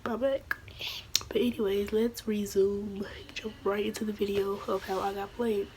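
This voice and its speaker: A woman with a hoarse, fading voice tells a rambling storytime vlog, slipping into a whisper. Her pitch barely moves, and faint background noise sits under the recording. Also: level tone, normal speed, darkish tone, low-quality recording. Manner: rambling, with restarts and self-corrections. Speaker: vlogger.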